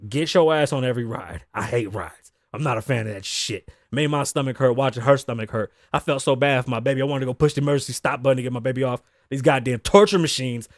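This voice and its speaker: A man's voice: mid-range voice, fast talker, hardly any pauses, dry recording, clean studio sound. A man in his thirties hosting a podcast, talking casually in a rambling, profane way and laughing often. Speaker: podcast host. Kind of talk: casual chat. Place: home studio desk.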